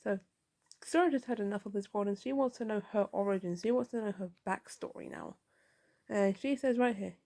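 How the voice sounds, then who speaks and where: A woman's voice: mid-range voice, normal speed, gravelly, dark tone. A woman giving a casual comic book review, recapping the panels and reading the dialogue aloud.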